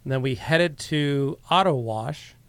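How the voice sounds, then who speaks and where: A man's voice: medium pitch, unhurried, a bit bright, clean tone, dry recording. A man co-hosting a podcast, telling an easygoing story in casual chat with lots of fillers. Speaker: podcast co-host.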